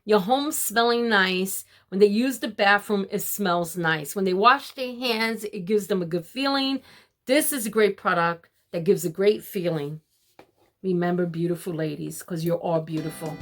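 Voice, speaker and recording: An older woman, a grandmother, talking casually to her viewers about homemaking and faith, addressing them as ladies in a warm, preachy way. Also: fairly low pitch, normal speed. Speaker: homemaking vlogger. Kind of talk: casual devotional talk to viewers.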